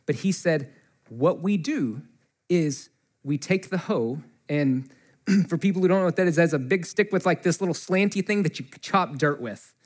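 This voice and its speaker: A pastor with a fairly high voice and moderate pace preaches a sermon in church, his mic close to his face. He tells a story loosely and conversationally, animatedly quoting the voices of the people in it.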